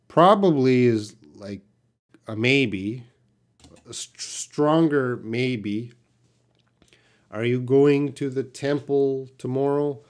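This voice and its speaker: A man with a Canadian accent teaching English on a live stream. He takes each question in turn and talks at a slow, unhurried pace, patient and plain, with a voice of middle pitch. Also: darkish tone. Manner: slow, patient, answers viewers' comments.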